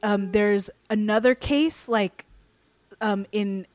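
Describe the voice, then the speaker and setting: A woman's voice: mid-range voice, slow, a little hiss or hum. A young woman telling a story in casual chat, rambling with many restarts and fillers.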